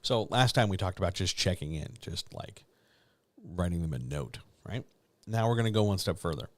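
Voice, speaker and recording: Low-voiced middle-aged guy rambling candidly on his live writing chat, dead dry mic. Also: animated, normal speed, no room sound. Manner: candid, rambling, self-deprecating. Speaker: writing coach and editor hosting a live chat. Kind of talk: casual livestream chat.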